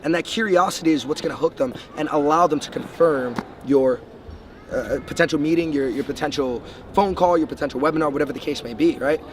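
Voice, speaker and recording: A young man from the Bahamas giving emphatic, step-by-step motivational sales coaching. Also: on the high side. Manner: brisk, emphatic, lays out numbered steps. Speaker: sales trainer. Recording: distant mic, faint street noise.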